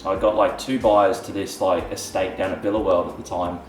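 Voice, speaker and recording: A young-to-middle-aged man with an Australian accent, telling animated stories as a guest and swearing freely. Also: deep voice, brisk, echoey room, a little hiss or hum, rough recording. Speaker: guest, real estate agent. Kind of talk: casual storytelling.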